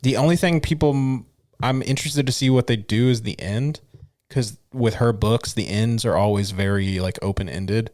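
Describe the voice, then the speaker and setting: A man's voice: mid-range voice, normal speed, a little mellow, dry recording, clean studio sound. A man co-hosting a podcast in casual chat, blunt and profane, teasing his co-host. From United States.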